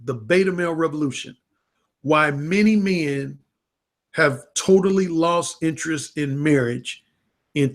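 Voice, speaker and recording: A man, a dating coach, talking casually and frankly into a livestream webcam, with plenty of blunt, profane language. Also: a little high. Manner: frank, unfiltered, profane talk.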